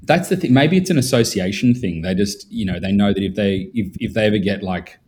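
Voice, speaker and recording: A man's voice: lowish voice, brisk, a little mellow, a little hiss or hum. A man who directs a photography festival, talking in wry, self-mocking podcast banter and laughing often.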